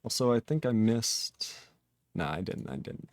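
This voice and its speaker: A man's voice: mid-range voice, expressive, a little slow, no room sound, studio quality. A man live-streaming his programming work, thinking aloud in casual talk, chuckling often and chatting with his viewers.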